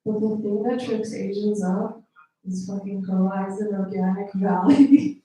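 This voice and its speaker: A woman from Mongolia doing a stand-up set in a comedy club, with deadpan asides. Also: unhurried. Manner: deadpan asides, jumps to high put-on voices for quotes. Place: small comedy club stage. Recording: roomy club sound from a distance.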